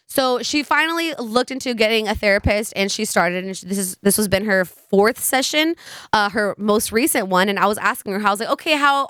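A young woman talks in a chatty, easy vlog style and slips into quoted voices as she retells a friend's story. Her voice sits in an ordinary middle pitch. The sound is close and dry, with no room around it. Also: a bit bright, smooth, no echo. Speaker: vlogger. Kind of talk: casual storytelling.

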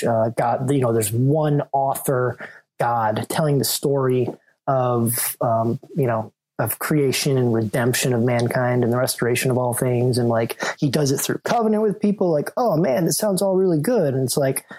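A man's voice: mid-range voice, darkish tone. A man talking loosely and at length as a podcast guest, full of "like" and "um", with jokey self-mocking asides. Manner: rambling, loose, lots of "like" and "um". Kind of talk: casual chat.

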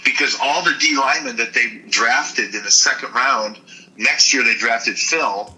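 A former football player from Michigan, a man telling blunt, animated stories in an interview. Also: mid-range voice, measured pace, low-quality recording. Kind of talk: storytelling interview.

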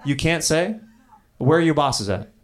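A man's voice: fairly high pitch, lively intonation, measured pace. A man doing improvised stand-up, riffing and teasing the audience on a comedy club stage. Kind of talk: improvised stand-up crowd work. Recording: live club with laughing crowd.

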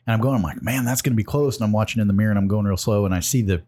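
A man's voice: fairly low pitch, steady tone, very fast, warm tone. A man in his forties casually telling profane stories about his working life. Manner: profane, laid-back storyteller. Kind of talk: casual storytelling.

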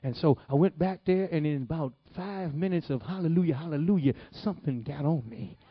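A man from the Detroit area preaching, telling his testimony in an animated, folksy way. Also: a little high, brisk, breathy edge, dry recording. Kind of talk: sermon testimony storytelling. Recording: dull lo-fi, dry sound.

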